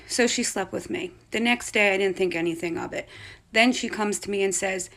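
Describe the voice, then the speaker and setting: A mother casually telling a spooky personal story, animated and blunt, acting out what everyone said. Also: a little high. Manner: animated, swearing, acting out quotes.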